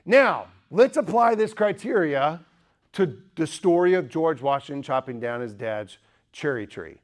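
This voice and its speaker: Brief: male speaker, lively lecture style, quizzes the room, cracks jokes. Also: on the high side, a little slow. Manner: lively, joking, asks the audience questions. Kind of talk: apologetics lecture.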